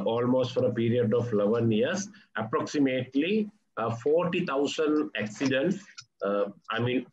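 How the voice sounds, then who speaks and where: A man from Sri Lanka, a police media spokesman, giving a measured, halting workshop talk full of fillers and restarts over a video call. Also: medium pitch, highs cut off, slight background noise. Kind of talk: conference presentation.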